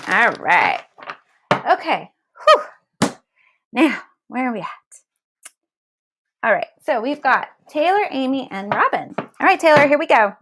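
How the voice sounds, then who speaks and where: A woman's voice: sits high, very animated, unhurried, pauses often, fairly bright tone. A woman giving a live tarot card reading, talking straight to viewers with blunt, emphatic tough-love advice, some swearing, and a constant "okay?" to check in. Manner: keeps checking in with "okay?" and "all right?".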